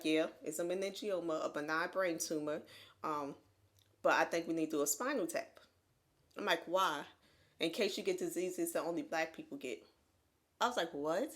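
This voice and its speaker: A woman co-hosting a podcast, telling a personal story in casual chat, animated and laughing often as she acts out what others said. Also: lowish voice. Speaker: podcast co-host. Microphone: USB condenser mic.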